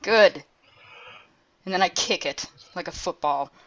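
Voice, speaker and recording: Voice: mid-range voice, unhurried, fairly bright tone. Blunt player on a dull recording. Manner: blunt, plain-spoken. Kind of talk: casual table talk.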